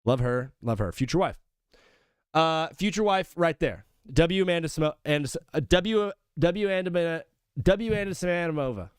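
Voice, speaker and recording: Young guy streaming sports talk, rambly and jokey, kinda high smooth voice, dry close mic. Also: lively intonation, moderate pace, dry recording. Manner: rambling, jokey, calls viewers brother. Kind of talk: casual live-stream chat.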